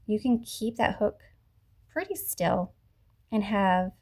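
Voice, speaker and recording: A woman teaching a beginner crochet lesson, talking patiently through each step and slowing down to repeat the moves. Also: medium pitch, expressive, a little mellow. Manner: patient, talks through each step slowly, self-correcting. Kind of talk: tutorial instruction. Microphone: camera mic.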